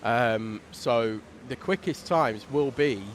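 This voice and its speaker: A man doing relaxed, chatty commentary on a live race stream, explaining things at length. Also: medium pitch, slow, slight background noise.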